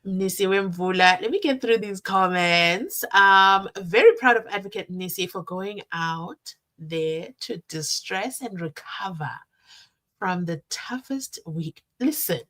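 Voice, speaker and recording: A woman's voice: medium pitch, a little slow. A woman hosting a casual live stream, chatting animatedly and reading out viewer comments. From South Africa. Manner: animated, chatty, breaks into sing-song.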